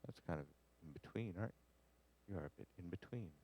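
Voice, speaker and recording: Rambling, low-voiced man teaching production. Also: fast talker, mellow. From Canada. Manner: rambling, jokey, talks to the audio as he edits. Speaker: music production instructor. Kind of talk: live studio master class.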